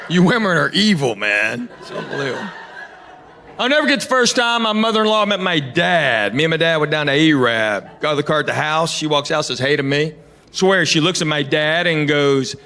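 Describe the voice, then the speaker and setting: A man with a drawl works through a stand-up set, his voice sitting a little high for a man. He spins stories at an easy pace and slips into playful imitations. Venue ambience hums clearly behind him in the live room. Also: lively intonation, brisk, pushed and bright, a little hiss or hum. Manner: drawling storyteller, playful mimicry of locals. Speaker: stand-up comedian.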